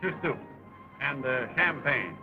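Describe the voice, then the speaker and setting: An actor in a 1930 film playing a brash young soldier on leave, speaking in a breezy, teasing way with hesitant filler sounds. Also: male voice, medium pitch, animated, slow pace, soft background music. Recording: muffled early sound-film audio.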